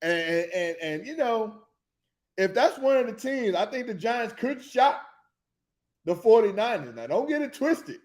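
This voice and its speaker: A man hosting a sports talk show, rambling and excitable, who keeps losing his train of thought. His voice sits high and swoops widely between highs and lows. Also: measured pace. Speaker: sports podcast host.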